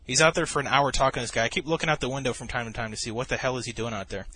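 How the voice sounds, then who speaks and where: A man in his twenties telling a long, rambling story in casual chat, deadpan and full of swearing. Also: medium pitch, very fast, slight background noise. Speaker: gamer narrating over a replay.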